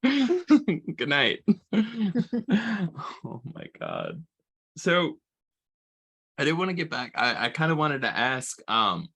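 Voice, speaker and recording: A man co-hosts an interview, speaking slowly and hesitantly with plenty of fillers. His pitch moves a lot, and his tone is bright and forward. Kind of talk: interview questions.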